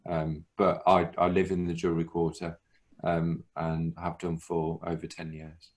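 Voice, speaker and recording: Man, very low voice, halting, video call, workshop presenter. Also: completely flat delivery. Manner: halting, many fillers and restarts. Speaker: co-chair and speaker.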